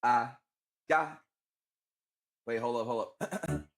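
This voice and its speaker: Here a coral-selling livestream host from Illinois keeps up loose, profane, joking chatter with his viewers during the auction. The voice sits in the mid range with a fairly bright tone, measured in pace and broken by frequent pauses.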